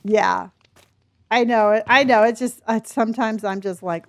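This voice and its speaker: In an unhurried, fairly high voice, a middle-aged woman talks casually while livestreaming a game. She rambles, reads her chat aloud, and laughs frequently.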